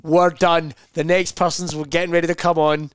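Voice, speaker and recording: A man's voice: a little high, fast talker, clean tone, dry recording, clean studio sound. A middle-aged Scottish man co-hosting a casual chat, telling stories with lots of swearing and acted-out quoted voices. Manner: animated storytelling, swearing, acting out quoted voices. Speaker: podcast co-host.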